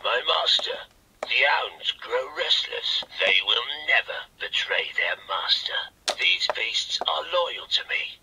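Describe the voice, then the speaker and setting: An actor playing a stern male beast handler, speaking slowly in a gravelly rasp through a toy's small speaker. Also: medium pitch, very animated, sharp tone, slight background noise, full character voice, low-quality recording. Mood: menacing. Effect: small toy speaker playback.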